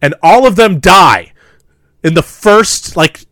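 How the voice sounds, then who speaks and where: An animated man in casual podcast chat, talking quickly in a mid-range voice and laughing often. The sound is close and dry. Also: high voice, no echo. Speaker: podcast co-host. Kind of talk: casual movie discussion.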